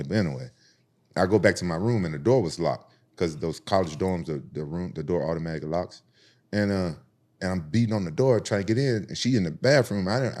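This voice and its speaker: A man from Memphis with a drawl talks quickly in a low register. He tells profane, animated street-fight stories as a podcast guest and jumps high in pitch to quote the people in them. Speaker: podcast guest, former UFC champion. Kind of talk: casual storytelling.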